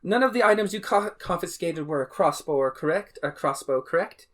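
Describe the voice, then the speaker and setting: A man's voice: a little high, expressive, fairly quick, a bit bright, voice pushed up. A man voicing a female elf advocate who pleads a case formally in court. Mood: pleading.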